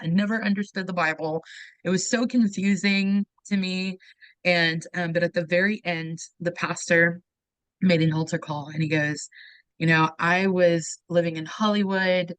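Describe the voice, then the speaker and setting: Earnest low-voiced woman telling her story. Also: dry recording, poor audio. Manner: earnest, acts out quoted voices, frequent "like" fillers. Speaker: guest sharing her testimony. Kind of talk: personal testimony storytelling.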